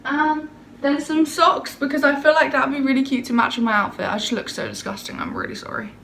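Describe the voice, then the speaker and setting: High-pitched and a little fast, a young vlogger's voice has lively intonation and a fairly bright tone. She chats casually to a shaky handheld camera at home and in the garden, full of exclamations and self-mockery, with a slight hiss or hum.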